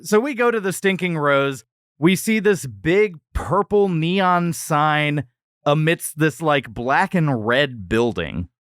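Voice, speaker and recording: Playful higher-voiced man co-hosting a podcast. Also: takes it slowly, no room sound, studio quality. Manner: playful, animated storytelling with jokes. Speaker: podcast co-host. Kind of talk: casual chat.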